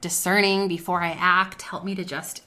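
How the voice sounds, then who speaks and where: A woman's voice: lowish voice, level tone, moderate pace, pushed and bright. A woman hosting a faith-based business talk, speaking earnestly and conversationally and sharing personal stories. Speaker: podcast host.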